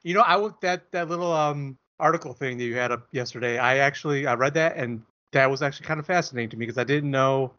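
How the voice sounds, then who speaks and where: A man's voice: mid-range voice, fast talker, few pauses, bright, forceful tone. A man co-hosting a podcast, chatting casually in a rambling, joking way. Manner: rambling, self-deprecating, jokey. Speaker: podcast co-host. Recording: dull lo-fi audio.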